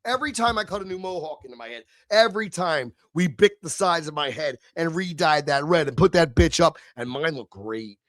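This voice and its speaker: A man's voice: a little high, expressive, fairly quick, few pauses, dry recording, studio quality. Ranting, cussing man on a stream. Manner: heated, swearing, swings between mutters and shouts. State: tipsy from beer. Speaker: livestream host. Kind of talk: profane live-stream rant.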